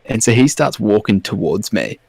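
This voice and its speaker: A man's voice: fairly low pitch, very animated, moderate pace, creaky, darkish tone, no room sound. A man, co-hosting a podcast and telling crude, sweary stories in casual chat. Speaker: podcast co-host.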